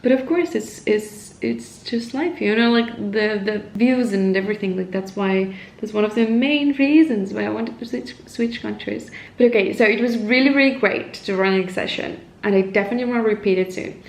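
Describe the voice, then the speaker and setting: A woman from Estonia vlogging at home, her voice at a middle pitch. She talks in a loose, rambling way, full of "like" and false starts, and often drops to a soft, hushed tone. The room around her gives a roomy echo. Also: moderate pace, hardly any pauses. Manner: rambling, filler-heavy, with frequent "like" and restarts. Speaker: lifestyle vlogger. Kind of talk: casual chat to camera. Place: at home indoors, with her cat nearby.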